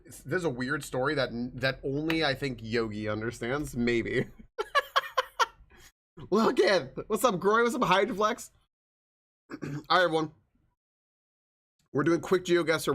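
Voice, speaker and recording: A man's voice: mid-range voice, fairly bright tone. A man streaming live, chatting casually and greeting viewers by name, with frequent swearing. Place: home streaming room.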